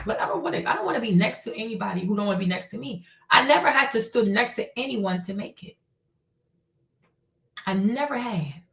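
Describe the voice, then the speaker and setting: A woman's voice: fairly high pitch, gravelly, a bit bright. A woman hosting her own show, ranting casually in a blunt, profane, indignant way. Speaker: show host. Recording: roomy sound, mic at a distance.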